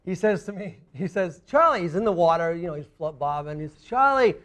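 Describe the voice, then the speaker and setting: Brief: high-pitched middle-aged male talk-show guest, excitable storyteller who keeps cracking himself up. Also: fast. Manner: excitable, laughs through his stories. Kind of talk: animated storytelling. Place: TV studio with live audience.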